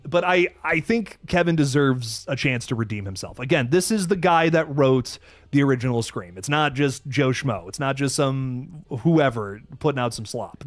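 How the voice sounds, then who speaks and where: A man's voice: medium pitch, no room sound. A young man hosting a live movie review stream, frustrated and rambling, stammering through restarts and swearing as he reads out donations.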